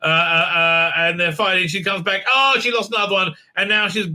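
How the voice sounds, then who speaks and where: A man with a high, bright, forceful voice and a steady tone gives a casual, sarcastic recap of a TV episode as a show reviewer. He mocks the scenes and acts them out with put-on voices, halting through lots of fillers and restarts.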